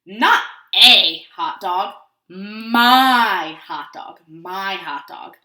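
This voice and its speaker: Woman playing a cartoon pigeon, greedy, excitable, squealing, possessive, bright voice, echoey room. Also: medium pitch, drawn-out words, pitched below the performer's own voice. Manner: squealing with glee, then stubbornly possessive.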